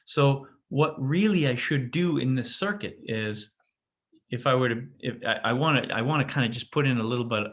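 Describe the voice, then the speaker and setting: Speaking at normal speed in a mid-range voice, a male physics teacher gives a casual classroom lecture. He interrupts himself and keeps checking in with "right?".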